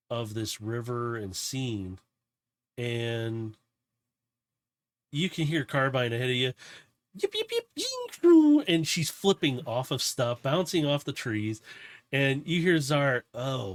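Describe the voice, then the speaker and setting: A man narrating as game master of a tabletop game, loose and rambling with restarts. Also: medium pitch.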